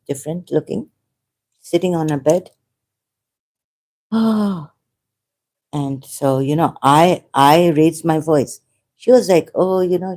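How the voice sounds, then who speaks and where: Slow, impassioned woman, rambling monologue. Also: low-pitched, darkish tone. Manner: impassioned, rambling, repeats herself. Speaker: online commentator. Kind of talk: unscripted monologue.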